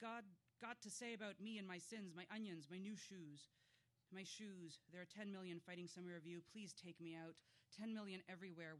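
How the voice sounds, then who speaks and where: A man's voice: high voice, fairly bright tone. A man performing a dying male gangster who rambles and pleads feverishly at an angel, in a dramatic poetry reading.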